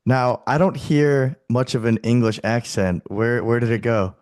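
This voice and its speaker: A man's voice: mid-range voice, fairly even intonation, unhurried, a little mellow. A man co-hosting a podcast, asking friendly follow-up questions. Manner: friendly, affirming interviewer. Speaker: podcast host. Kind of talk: podcast interview.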